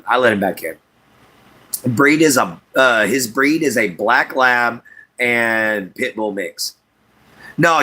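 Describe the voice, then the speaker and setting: A middle-aged man from Southeast Texas, chatting casually and haltingly with his livestream viewers by name, with lots of fillers. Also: on the low side, bright, forceful tone. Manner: unhurried, halting, many fillers, talks to chat by name. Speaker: livestream host.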